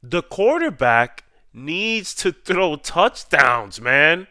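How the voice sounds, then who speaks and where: Male sports vlogger, heated fan rant, smooth clear voice, dry close mic. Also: a little high, sing-song, bright, forceful tone, no echo. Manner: heated, repetitive, drawn-out emphasis. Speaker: sports YouTuber ranting.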